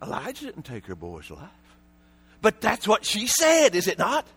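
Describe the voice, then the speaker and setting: A man preaching a sermon with passion, often raising his voice to a shout and repeating words in quick bursts. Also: sits high, huge pitch swings, slightly rough.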